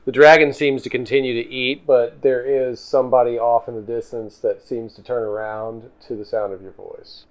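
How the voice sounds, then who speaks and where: A man narrating a tabletop role-playing game as game master, relaxed and full of fillers. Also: medium pitch, moderate pace, few pauses, low-quality recording.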